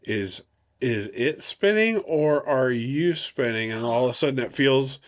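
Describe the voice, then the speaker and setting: A man's voice: mid-range voice, expressive, a little slow, no echo. A man co-hosting a podcast, chatting casually and joking about growing up with computers. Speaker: podcast co-host. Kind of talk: casual chat.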